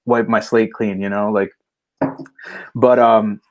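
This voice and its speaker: A man's voice: lowish voice, flat delivery, takes it slowly, dull audio. A man co-hosting a podcast remotely, chatting loosely and rambling with lots of fillers and swearing. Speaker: podcast co-host. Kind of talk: casual chat. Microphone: remote call setup.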